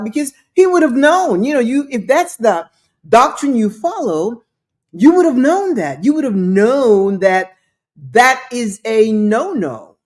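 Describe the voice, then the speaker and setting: A woman hosting her own show, telling a story in a chatty, skeptical way with frequent restarts and asides. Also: a little high. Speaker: show host. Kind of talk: casual storytelling monologue.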